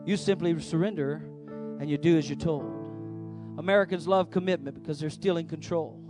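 Man, pastor, sermon, high voice, emphatic preaching, faint music behind. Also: brisk. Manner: emphatic preaching, swings from loud to hushed. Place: church service.

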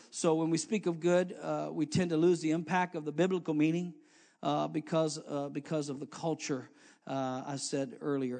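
A preacher with a high-pitched man's voice delivers his sermon. He drops into soft, low asides, then climbs into loud calls to the congregation, restarting phrases and filling gaps with "uh" as he goes. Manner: swings from quiet low asides to loud rising exhortation. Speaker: pastor.

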